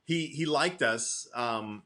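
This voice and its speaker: A middle-aged man from the Boston area spins a comedy-club story in a bright, forward voice. He jumps into the quotes and keeps things moving in easy, casual chat. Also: medium pitch, takes it slowly. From Boston area, USA. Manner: animated anecdotes, acts out quotes, laughs often. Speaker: comedian guest.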